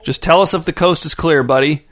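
A man's voice: on the high side, a little fast, fairly bright tone. A man voicing a brash middle-aged male radio host who talks eagerly, like a salesman. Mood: pushy.

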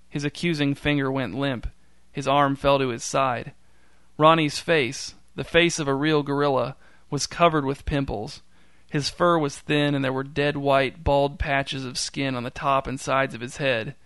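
Male narrator, mid pitch, dry deadpan delivery, clean dry studio read. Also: normal speed, clean tone, no room sound. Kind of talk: scripted story narration.

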